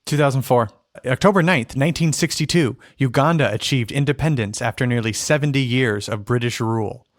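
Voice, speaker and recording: A man's voice: mid-range voice, brisk, dry recording. Dry-voiced male podcast host. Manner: jokey, reads out history headlines. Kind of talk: casual chat.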